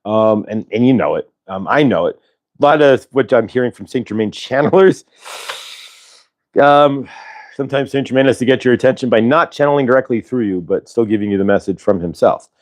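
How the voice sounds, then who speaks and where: A man hosting a casual spiritual livestream, reading cards and talking in a rambling, halting way with many fillers and restarts. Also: mid-range voice, a little mellow. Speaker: channeler and show host.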